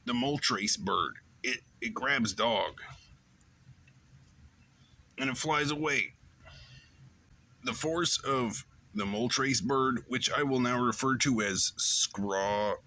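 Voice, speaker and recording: Bright-voiced man rambling through a recap. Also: mid-range voice, slow pace, pauses often. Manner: rambling, loose retelling with fillers. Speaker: show host. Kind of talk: casual episode recap.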